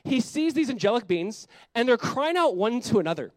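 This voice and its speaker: A male pastor preaching a sermon in an animated way, asking the congregation questions and dropping to a soft voice on quiet points. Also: extremely high pitch, moderate pace, no echo. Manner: drops to a soft, quiet voice on reflective lines.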